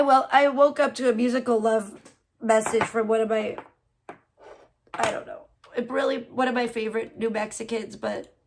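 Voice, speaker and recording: A woman hosting a casual livestream from her home, chatting in a rambling way with many fillers and restarts. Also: on the high side. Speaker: livestream host. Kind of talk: casual chat. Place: room at home with cats.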